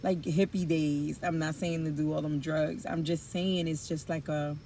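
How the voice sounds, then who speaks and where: A woman's voice: deep voice, fairly even intonation, normal speed, dark tone, slight background noise. A woman giving an intuitive tarot reading, musing aloud in informal slang with rambling asides and fillers. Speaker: tarot reader.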